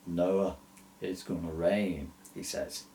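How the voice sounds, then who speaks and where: A man voicing God in a comic story, speaking slowly and deadpan. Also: sits low, a little hiss or hum, voice pushed down. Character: God, weary deity giving orders.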